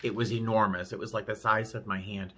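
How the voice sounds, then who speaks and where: A man casually vlogging while eating, chatting with frequent restarts and pauses to chew. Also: fairly low pitch, little pitch movement, fairly bright tone, a little hiss or hum. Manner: chatty, chewing between sentences; rambling with many restarts. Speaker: vlogger, flight attendant.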